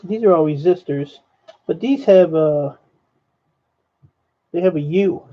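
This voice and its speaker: Offhand high-voiced man sorting scrap. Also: takes it slowly. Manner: rambling, offhand, blunt. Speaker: e-waste scrapper vlogger. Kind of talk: casual narration while sorting circuit boards. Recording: lo-fi dull audio with faint noise.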